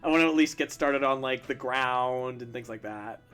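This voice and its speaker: A man's voice: medium pitch, normal speed, a bit bright, clean tone. A young man chatting casually while drawing on a live stream, rambling and self-deprecating, with lots of fillers and restarts. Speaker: streamer and artist.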